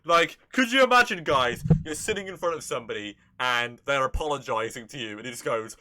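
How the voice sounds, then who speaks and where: A man's voice: mid-range voice, lively intonation, fairly quick, noisy background. A man hosting a casual livestream commentary, incredulous and sarcastic, swearing freely.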